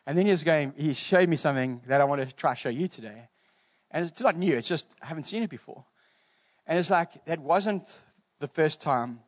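High-voiced man preaching in a reverberant church. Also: a little fast. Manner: casual, joking, animated preaching with laughs. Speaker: pastor. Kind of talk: sermon. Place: church hall, streamed to Zoom. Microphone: pulpit mic. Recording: muffled, reverberant church hall.

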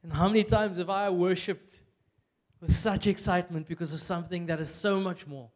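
High-voiced South African preacher, chatty. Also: male voice, fairly quick. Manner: chatty and animated, with many "like" fillers and bursts of laughter. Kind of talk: casual, humorous sermon. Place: church.

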